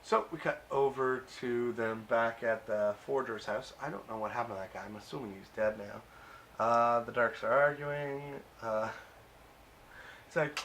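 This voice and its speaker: A man's voice: mid-range voice, moderate pace, fairly bright tone, a little hiss or hum. A man casually recapping and reviewing a TV episode, chatty and amused, with plenty of uh and um.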